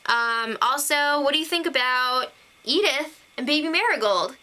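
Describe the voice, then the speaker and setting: A young woman chats through a TV episode recap, gushing and quick to laugh. Her voice sits a little high and sounds bright and crisp. She talks casually straight to her viewers. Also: animated. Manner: gushing, chatty, with laughs and fillers. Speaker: TV recap vlogger.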